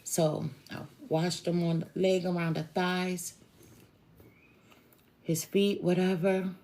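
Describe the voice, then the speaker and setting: A woman tarot reader telling a personal story to her viewers in a slow, drawn-out conversational way, with sighs. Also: fairly low pitch, little pitch movement, warm tone.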